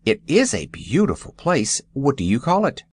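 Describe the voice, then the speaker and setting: A man voicing a kindly, courteous old male wizard in a polite, measured way. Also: medium pitch, huge pitch swings, breathy edge, no echo, clean studio sound.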